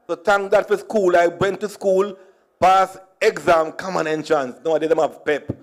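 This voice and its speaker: A man's voice: high voice, fairly even intonation, moderate pace. A middle-aged Jamaican man with a Jamaican accent, giving a comic storytelling speech at a conference and slipping between Creole and standard English while chuckling at his own jokes. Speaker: conference speaker.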